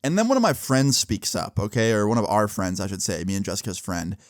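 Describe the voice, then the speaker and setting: A man's voice: fairly low pitch, animated, brisk, no echo, clean studio sound. A young man telling a personal story in a casual, chatty way, with lots of fillers and swearing.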